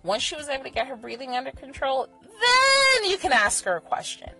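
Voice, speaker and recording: A woman giving candid, profane encouragement about living with anxiety, moving between soft, gentle reassurance and loud, animated venting. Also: sits high, fairly quick, faint music behind. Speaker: vlogger sharing anxiety coping advice. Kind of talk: candid motivational monologue.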